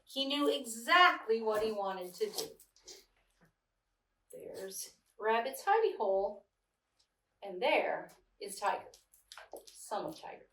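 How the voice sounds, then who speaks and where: A middle-aged woman reading children's stories aloud with gentle expression, sometimes chatting warmly to a child beside her. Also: a little high, sing-song, takes it slowly, long pauses, a little hiss or hum. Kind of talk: children's story read-aloud. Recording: echoey room, mic at a distance.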